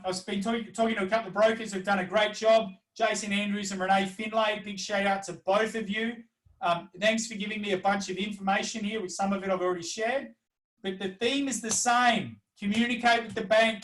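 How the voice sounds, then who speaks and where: A man's voice: high-pitched, fairly bright tone. A man with an Australian accent hosting a business webinar, ranting bluntly and swearing freely as he gives advice. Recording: echoey room, speaking away from the mic.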